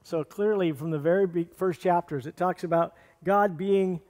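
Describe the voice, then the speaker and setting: A pastor preaching a sermon in an earnest, plainspoken way, reading scripture and stopping to restart phrases. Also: male voice, high-pitched, normal speed, darkish tone, long reverb tail. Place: church sanctuary.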